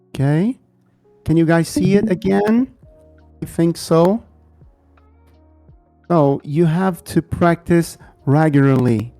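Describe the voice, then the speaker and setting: A Brazilian man whose first language is Portuguese teaches an online English class slowly and repetitively, often checking in with "okay?" and "right?". His voice is fairly high, gravelly, and dark in tone.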